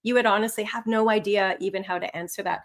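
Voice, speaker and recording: A woman instructor teaching a live online lesson, animated and expressive, with swooping pitch and frequent laughter. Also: quick pace. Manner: laughs often. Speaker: language test instructor.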